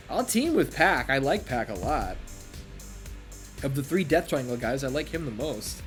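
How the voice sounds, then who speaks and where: Excitable swearing guy doing let's-play commentary, voice all over the place, game music behind. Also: medium pitch, normal speed. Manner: excitable and profane, shouts at big moves. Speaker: gaming youtuber.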